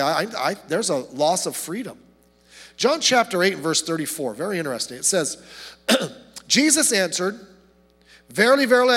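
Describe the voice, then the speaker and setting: Male pastor, high voice, impassioned sermon delivery, recorded in a reverberant church. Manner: impassioned preaching, swings from loud to hushed, frequent repetitions.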